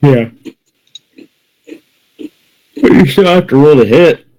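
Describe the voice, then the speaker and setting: A man acting as game master, briskly calling rules and prompting the players. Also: a little high, expressive, dark tone, poor audio. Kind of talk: running a tabletop game.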